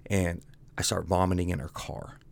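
A man's voice: deep voice, flat delivery, moderate pace, vocal fry. A man telling his own story as a guest, speaking bluntly and casually and calling the host "dude".

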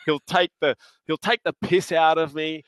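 A man's voice: fairly high pitch, fairly even intonation, normal speed, a bit bright, dry recording. A middle-aged Australian man, a podcast guest, chatting casually and telling stories with a laugh and plenty of slang. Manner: jovial, laughing storyteller with slang. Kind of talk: casual chat.

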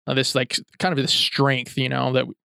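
Young man, mid-pitch, earnest and reflective, dry close mic; casual talk-show co-host. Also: monotone, a little fast, creaky, bright, forceful tone, clean tone, no room sound. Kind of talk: casual chat.

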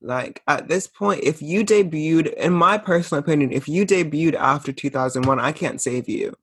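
A man's voice: fairly high pitch, normal speed, fairly bright tone, slight background noise. A man co-hosting a casual pop-culture chat, sassy and emphatic with campy asides. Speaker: podcast co-host.

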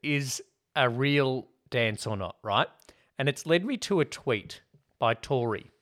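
A chatty man hosting a podcast, who laughs easily as he tells stories. His voice sits at an ordinary pitch in relaxed conversation. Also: takes it slowly. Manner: chatty, laughs often, storytelling. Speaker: podcast host. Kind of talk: casual film podcast chat.

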